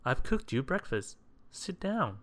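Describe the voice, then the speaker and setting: A man's voice: medium pitch, expressive, slow pace, a bit bright. A man voicing a clumsy, cheerful man who talks breezily.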